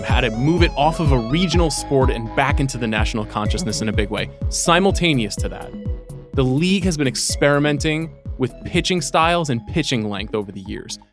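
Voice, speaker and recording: A man on a sports podcast panel, arguing an outlandish take with mock seriousness in casual debate. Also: mid-range voice.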